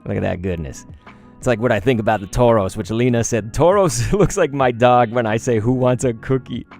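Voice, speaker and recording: While ripping open trading cards live, a young man speaks fairly quickly to his chat in slangy, excited bursts. His voice is mid-range, and soft music plays in the background.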